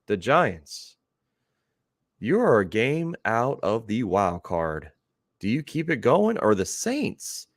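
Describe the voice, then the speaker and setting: Laid-back low-voiced sports host. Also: male voice, sing-song, slow, creaky, long pauses, no room sound, clean studio sound. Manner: laid-back, chuckling, greets chat viewers. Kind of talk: casual sports talk.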